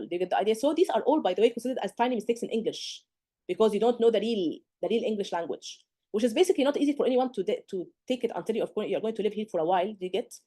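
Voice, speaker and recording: A woman's voice: fairly high pitch, mellow. A woman tutoring medical exam candidates in a live lecture, emphatic and constantly checking in with "okay?" and "do you get?".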